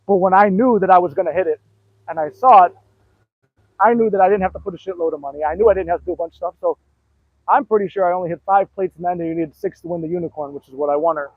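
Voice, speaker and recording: A man's voice: high voice, racing, no echo. A man telling rambling stories with many fillers in a casual live talk, out of breath as he walks. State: out of breath, walking. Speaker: manifestation coach. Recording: dry tinny phone-like audio.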